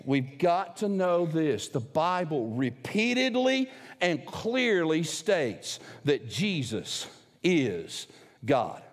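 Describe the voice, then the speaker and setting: A man's voice: fairly high pitch, wildly swooping pitch, slow pace, big-room sound. A man preaching a sermon as the pastor of a church, telling a personal story in an emphatic, conversational way. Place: church sanctuary.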